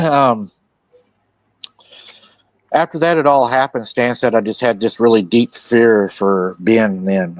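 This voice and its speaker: A man hosting a live stream in a relaxed way, retelling a witness's account and quoting his words. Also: on the low side, no echo, rough recording. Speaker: host.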